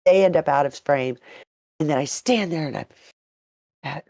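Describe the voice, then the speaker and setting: A woman in her thirties co-hosting a podcast, telling stories in a lively, profane way and acting out what people said. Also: deep voice, unhurried, long pauses, no room sound, clean studio sound. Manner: animated, profane, acts out quotes. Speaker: podcast co-host. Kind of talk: casual storytelling chat.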